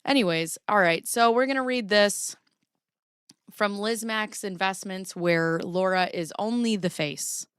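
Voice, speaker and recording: A woman's voice: medium pitch, unhurried, a bit bright, smooth, dry recording, clean studio sound. A woman hosting a casual livestream from her home basement, chatty and profane, often laughing as she reads documents and talks to her chat. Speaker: livestream host. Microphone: camera pointed at herself.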